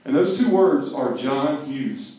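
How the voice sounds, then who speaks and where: A middle-aged man from Mississippi giving a lively, joking talk to teenagers, acting out movie scenes. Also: mid-range voice, slow pace, noisy background. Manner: animated, jokey, acts out movie scenes and sings snatches. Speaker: speaker to a teen group. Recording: echoey hall from far off.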